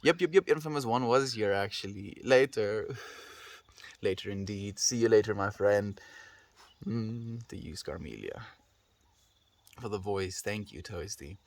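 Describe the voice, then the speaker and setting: A South African man chatting casually on a live stream, gently thanking viewers and answering their messages. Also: lowish voice, animated, a little slow, long pauses, no room sound. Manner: gentle, affectionate, reads out and answers chat messages. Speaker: livestreamer.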